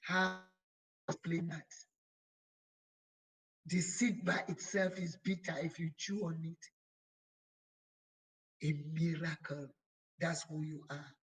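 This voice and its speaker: A woman's voice: low-pitched, little pitch movement, breathy edge, poor audio. A woman bishop preaching a sermon, building emphasis through repeated phrases. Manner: emphatic, repetitive exhortation; slow, deliberate delivery with stretched words.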